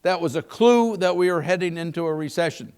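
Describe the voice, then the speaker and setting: A man's voice: a little high, brisk, darkish tone, clear, resonant tone. An older man giving a live keynote on the economy, folksy and joking, asking the audience questions. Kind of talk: live keynote talk with anecdotes.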